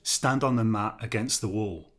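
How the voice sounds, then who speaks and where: A man's voice: fairly low pitch, normal speed, fairly bright tone, natural voice. A man voicing a crude, aggressive male prisoner who talks in coarse slang and threats. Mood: threatening.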